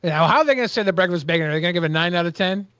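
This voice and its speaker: High-pitched guy cohosting a podcast, swearing nonstop, bit of hiss in the mic. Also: expressive, rapid-fire, dull audio. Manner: crude, mocking, swears constantly. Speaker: podcast co-host. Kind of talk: casual profane commentary.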